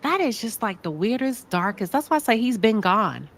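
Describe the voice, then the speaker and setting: A woman's voice: fairly high pitch, sing-song, normal speed, a bit bright. A woman with a Southern American accent hosting a live talk show, asking pointed, sassy rhetorical questions. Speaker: show host.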